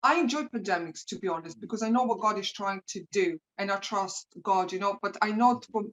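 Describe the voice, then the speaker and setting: A woman's voice: medium pitch, fairly quick, a bit bright, low-quality recording. A woman talking as an interview guest over a video call from home. She chats freely, laughs often and repeats words as she goes. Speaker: interview guest, rapper and preacher.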